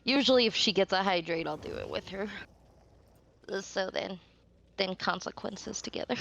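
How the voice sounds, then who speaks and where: A woman's voice: medium pitch, moderate pace, creaky, fairly bright tone, a little hiss or hum. A young woman chatting casually with friends while gaming, giggling and swearing freely.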